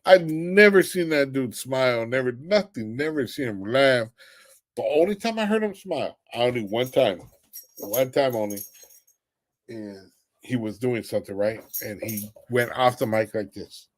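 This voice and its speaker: A man's voice: medium pitch, expressive, measured pace. A tired young man hosting a casual live stream. He mocks someone crudely, laughs often and reads viewer comments aloud. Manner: crude, mocking trash talk, often laughing. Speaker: livestream host. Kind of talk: casual livestream chat.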